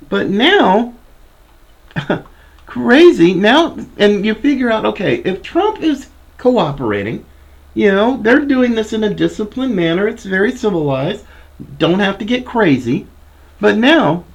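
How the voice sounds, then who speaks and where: Man, political commentary host, high voice, very animated pitch, indignant, reading article aloud with asides. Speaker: podcast host.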